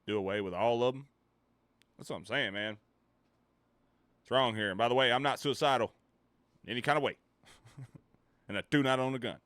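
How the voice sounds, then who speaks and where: A man streamer ranting in casual chat, animated, swearing and laughing between points. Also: medium pitch, brisk, pauses often, dry recording. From United States.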